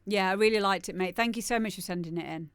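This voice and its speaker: A woman's voice: medium pitch, fast, clean tone, no room sound. A woman DJ hosting a live-stream show, giving chatty, rambling commentary on the tracks and laughing often. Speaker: DJ and show host.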